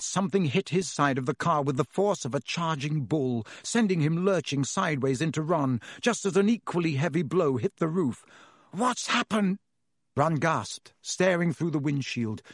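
A man's voice: fairly high pitch, no room sound, clean studio sound. A man narrating a storybook in a vivid, dramatic way. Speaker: audiobook narrator.

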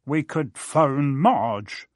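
A man voicing a blustering, bullying middle-aged uncle who speaks slowly and heavily. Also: fairly high pitch, animated, no room sound, studio quality. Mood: grumbling. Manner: slow, heavy, threatening.

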